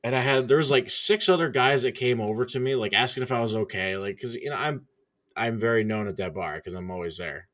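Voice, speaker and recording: A man's voice: mid-range voice, a little fast, fairly bright tone. A man telling a story in casual chat, laid-back and profane, laughing along as he talks.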